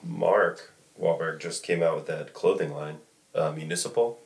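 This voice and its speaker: A man's voice: sits low, fairly even intonation, normal speed, gravelly. A man from the Boston area, a podcast co-host, chatting in a laid-back, rambling way with fillers. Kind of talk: casual chat.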